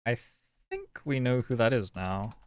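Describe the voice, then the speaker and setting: A man's voice: mid-range voice, wildly swooping pitch, unhurried, clean tone, dry recording. A man streaming a puzzle game, thinking aloud in casual, musing commentary. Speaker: gaming streamer. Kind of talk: casual let's-play commentary.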